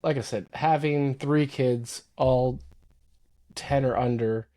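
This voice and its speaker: A man hosting a podcast, telling stories in casual chat and quoting others in lively voices. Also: mid-range voice, slow pace. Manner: animated storyteller, quotes others in lively voices. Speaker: podcast host.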